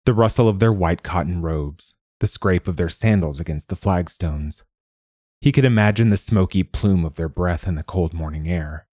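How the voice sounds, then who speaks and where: A man narrates a story in a measured, steady reading voice. His voice is very deep and dark. The recording is close and dry. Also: no room sound. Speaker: audiobook narrator. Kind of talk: scripted narration.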